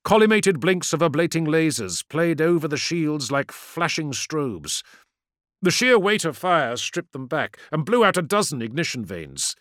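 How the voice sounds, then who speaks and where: Brief: animated male narrator, slightly high pitch, vivid dramatic audiobook reading. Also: dry recording, studio quality.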